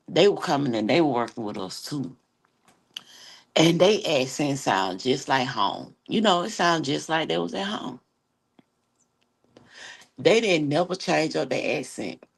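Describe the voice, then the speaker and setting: A woman from Atlanta with a Southern accent, chatting sassily with her livestream viewers and telling animated stories full of slang. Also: low voice, unhurried, long pauses, breathy edge. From Atlanta, Georgia. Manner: sassy, animated storytelling with slang. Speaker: livestream host. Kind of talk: casual chat with viewers.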